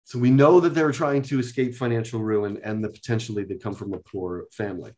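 A man, a guest, explaining things step by step in a casual talk, often pausing with "um". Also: lowish voice, fairly even intonation, a little mellow. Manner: explains methodically, with many hesitations and "um"s. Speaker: guest, card deck inventor.

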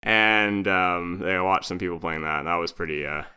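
A podcast co-host chatting casually, laid-back and swearing offhandedly. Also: male voice, low-pitched, normal speed, sharp tone, smooth.

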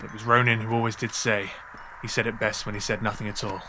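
A man voicing a menacing Western outlaw boss with a slow drawl in a comic game role-play. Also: lowish voice, little pitch movement, noisy background, voice pushed down, lightly acted. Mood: grim.

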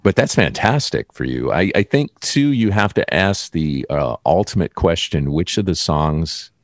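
Male podcast host, very low voice, dry close sound. Rambling, halting delivery. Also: lively intonation, no echo. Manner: rambling, halting, many restarts. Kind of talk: casual interview chat.

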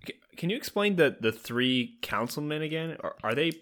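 A man's voice: a little high, lively intonation, normal speed, fairly bright tone. A man playing a tabletop game who asks the game master hesitant questions. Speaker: player. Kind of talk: casual tabletop chat.

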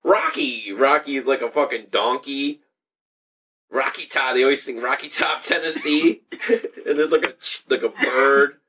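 A man's voice: medium pitch, moderate pace, breathy edge, far from the mic. A young man in casual profane banter, laughing often and telling stories with lots of swearing. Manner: laughing, swearing, animated storytelling.

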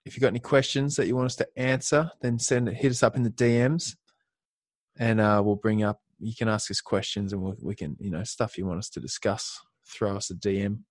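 A man's voice: lowish voice, fairly even intonation, brisk, no room sound. Aussie guy cohosting a podcast, laid back chat, swears a bit, dead dry sound. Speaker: podcast co-host. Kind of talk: casual chat.

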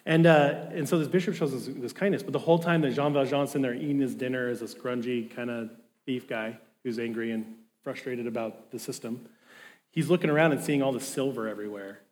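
A man's voice: mid-range voice, a little fast, darkish tone. A man preaching a sermon as a pastor, telling a story in a casual, enthusiastic way. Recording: long hall reverb.

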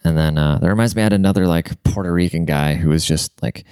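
A man's voice: deep voice, fast, a little mellow, clean tone, dry recording. A young man telling rambling, profane stories in a laid-back, slangy way, like a podcast host chatting casually. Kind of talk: casual storytelling rant.

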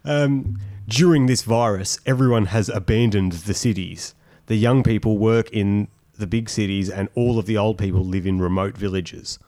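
Sarcastic man with a lowish voice. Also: steady tone, moderate pace, dark tone. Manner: sarcastic, mocking. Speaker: podcast co-host. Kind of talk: casual chat reading and mocking a thread.

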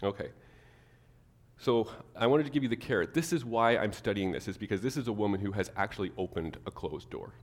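A man preaching a sermon to his church, animated, acting out the people he quotes. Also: lowish voice, fairly quick, big-room sound. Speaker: pastor.

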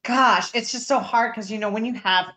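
A woman co-hosting a casual chat, critiquing a piece of writing, who often clears her throat and thinks aloud with ums. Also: fairly high pitch, normal speed, pushed and bright. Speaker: podcast co-host critiquing writing.

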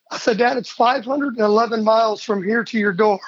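A man's voice: high-pitched, fairly quick, no echo. A man in his forties from Michigan, a podcast guest telling a family story with energy and acting out the voices in it. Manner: energetic, animated storyteller who acts out quoted dialogue. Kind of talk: casual storytelling interview. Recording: dull, slightly lo-fi dry sound.

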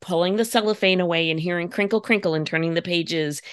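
Low-voiced enthusiastic woman podcast host. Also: fast talker, clear, resonant tone, no room sound, studio quality. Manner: gushing, enthusiastic, talks in flowing run-on phrases. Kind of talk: casual podcast interview.

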